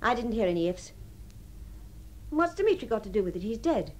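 An actress in a radio drama playing a refined, lonely woman who imagines she is about to marry, her voice moving between breathy tenderness and giddy excitement. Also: medium pitch, a little fast. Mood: confused, insistent. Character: deluded lonely upper-class spinster dreaming of marriage. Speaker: the Princess.

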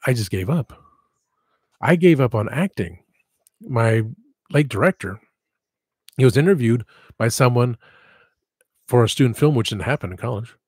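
A man's voice: medium pitch, lively intonation, moderate pace, long pauses, darkish tone, slightly rough, dry recording, studio quality. A man hosting a livestream, chatting in a rambling, digressive and self-deprecating way. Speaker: livestream host. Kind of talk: casual livestream chat.

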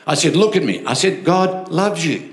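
Older Australian pastor preaching with echo. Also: male voice, fairly high pitch, normal speed. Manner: storytelling, animated, asks crowd for amens. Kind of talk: sermon. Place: church hall. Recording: echoey hall with music behind.

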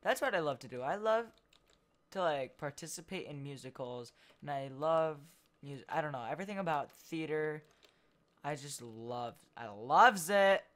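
A gameplay video host giving casual commentary while building, thinking out loud and trailing off mid-sentence. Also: mid-range voice, lively intonation, moderate pace.

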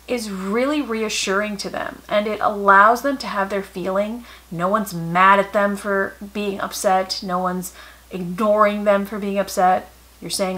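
A woman in her thirties talks straight to camera about parenting, calm and matter-of-fact. Her voice is bright and clear at a middling pitch, and it goes soft and gentle whenever she repeats what she tells her children. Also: poor audio. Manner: warm, calm and matter-of-fact, softening for quoted lines to children. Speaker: parenting vlogger. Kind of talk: casual advice talk to camera.

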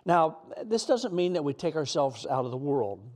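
Earnest, animated male preacher. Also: a little high, moderate pace. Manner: earnest, emotional, sometimes weepy. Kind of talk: sermon.

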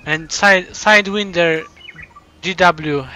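A man's voice: high voice, slow, pushed and bright. A male live streamer thanking donors while overwhelmed and close to tears, stammering and repeating himself.

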